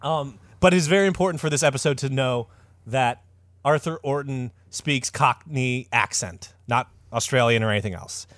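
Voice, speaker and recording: A man's voice: mid-range voice, moderate pace, fairly bright tone, dry recording. A man hosting a comedy podcast, retelling a story with mock-dramatic flair. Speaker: podcast host.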